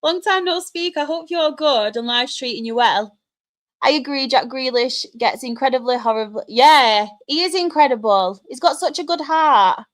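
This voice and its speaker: A woman's voice: a little high, a bit bright. A young woman hosting a casual live Q&A stream, chatting, greeting viewers by name and laughing often. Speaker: live stream host reading chat.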